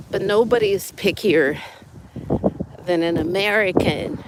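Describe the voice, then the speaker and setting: A middle-aged vlogger chatting reflectively while walking outdoors, recorded on a phone. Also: mid-range voice. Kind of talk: casual walking vlog. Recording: noisy outdoor recording with passing vehicles.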